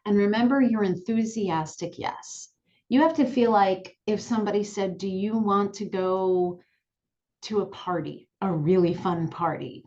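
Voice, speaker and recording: A woman sexuality educator speaking calmly and clearly to the camera, repeating her key points. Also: mid-range voice, lo-fi sound. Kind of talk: direct-to-camera lesson. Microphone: looking into camera, on-camera mic.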